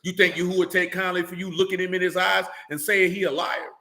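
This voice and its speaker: Fiery scolding preacher man, bright voice. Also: high voice, level tone, fast, roomy sound. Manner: blunt, scolding, rhetorical questions, rising to shouts. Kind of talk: fiery street-style sermon.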